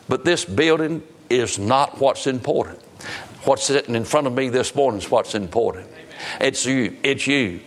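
A man preaching to his church congregation, slowing down when he quotes scripture. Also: mid-range voice, fairly bright tone. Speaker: pastor. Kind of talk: sermon. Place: church sanctuary.

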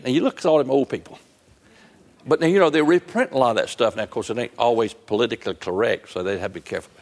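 An older man preaching a sermon, telling folksy stories with an earnest, gently urgent manner. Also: mid-range voice. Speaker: pastor.

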